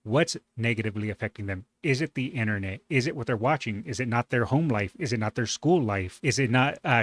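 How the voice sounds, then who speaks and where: A man's voice: medium pitch, fairly bright tone, dry recording. A man hosting a reaction video, commenting casually with sarcasm and indignant rhetorical questions.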